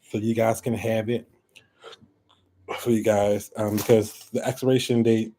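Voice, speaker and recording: A man hosting a casual giveaway vlog at home, chatting as he draws winners, laughing often and breaking into high excited squeals. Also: a little slow. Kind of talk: casual chat while drawing giveaway winners.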